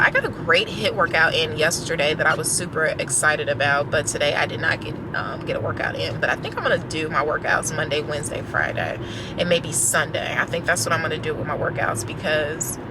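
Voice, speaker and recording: A woman's voice: low-pitched, heavy background noise. A young woman chatting casually in a vlog, telling stories from her car with lots of "like" and "y'all". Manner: chatty storytelling with many "like"s and "y'all". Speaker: vlogger, flight attendant. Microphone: handheld camera.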